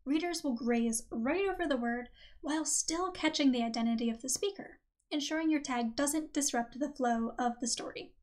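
A woman hosting a writing-advice podcast, reading a script in a clear, measured way. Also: high voice, darkish tone. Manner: clear, measured delivery, reading examples aloud. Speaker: podcast host.

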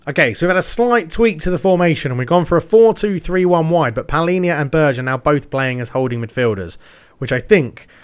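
A man playing a football management game, calling the match like a commentator and chatting through his choices with self-mocking asides. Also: medium pitch. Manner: excitable, swells loud on big moments. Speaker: gaming YouTuber. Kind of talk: mock football commentary over gameplay.

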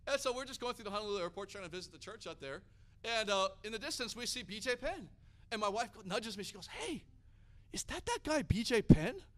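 A man from Hawaii delivers a sermon full of personal stories, animated and energetic. His voice sits high for a man, with a bright, forceful edge. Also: quick pace. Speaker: pastor.

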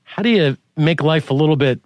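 A man hosting a podcast interview, asking long rambling questions with many restarts and sudden rises in pitch. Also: a little fast, dry recording. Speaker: podcast host. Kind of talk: conversational interview.

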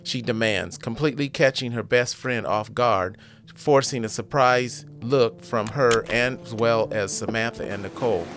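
Man, audiobook narrator, steady measured reading, mid pitch. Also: soft background music. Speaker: audiobook reader. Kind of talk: storybook narration.

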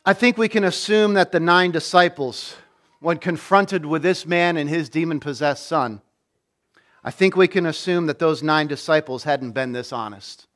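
A man's voice: on the high side, normal speed, a bit bright. A man, a pastor, preaching a sermon with emphatic delivery, repeating key phrases and acting out quoted lines.

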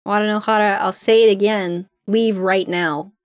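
A woman's voice: mid-range voice, steady tone, moderate pace, dry recording, studio quality, lightly acted. A woman voicing an edgy, cold young shark boy who talks in curt threats. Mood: cold menace.

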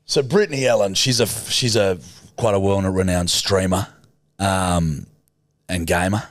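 A young Australian man with a low, fairly deep voice tells a rambling, swear-filled story to his co-host. His voice sounds close and dry, with no room around it. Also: measured pace, no room sound. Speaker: podcast co-host. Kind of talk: casual storytelling chat.

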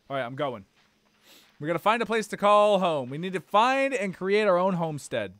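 Excitable, bright-voiced young man streaming. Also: high voice, normal speed, dry recording. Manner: excitable, swearing, reacting loudly to the game. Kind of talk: live game-stream commentary.

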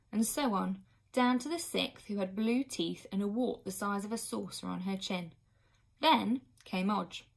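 With a gravelly, mid-range voice, a woman reads a children's book aloud with plenty of expression. Now and then she pauses to offer an aside to her listeners.

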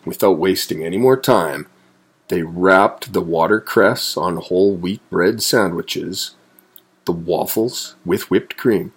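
A man reading a children's picture book aloud in a low voice. He takes his time and lets each line land slowly and clearly. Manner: slow, clearly paced reading. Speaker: storybook reader. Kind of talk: children's storybook read-aloud.

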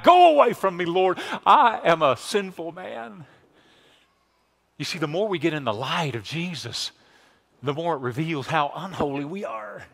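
A man preaching a sermon as pastor, emphatic, swinging from hushed lines to loud exclamations. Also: on the high side.

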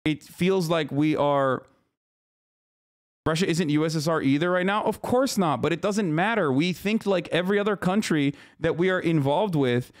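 Male streamer, slightly high voice, heated profane ranting commentary. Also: normal speed. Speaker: streamer reacting to news. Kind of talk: casual commentary.

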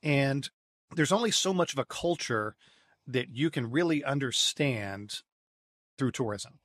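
A man tells stories as a podcast guest, animated and chatty, often doubling words as he starts over. His voice sits at a middle pitch. The sound is dry and close. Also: unhurried, no echo. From United States. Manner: lively storyteller, repeats words as he restarts. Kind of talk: storytelling in a conversational interview.

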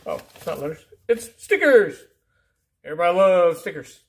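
A man hosting a casual mail-call vlog, rambling and easygoing as he opens packages, often trailing off into low mutters. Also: very animated, normal speed. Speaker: YouTube channel host. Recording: faint background noise.

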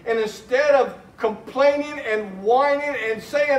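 A man preaching a sermon as pastor, earnestly reciting hymn verses slowly and urging his congregation on. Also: very high voice. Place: church sanctuary. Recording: echoey church room from a distant mic.

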